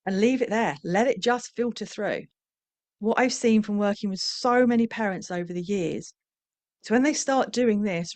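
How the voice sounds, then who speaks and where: A woman's voice: lowish voice, no echo. A middle-aged woman who trains professionals in parenting, speaking in a candid, reflective, conversational way and slipping into the voices of the parents and children she quotes.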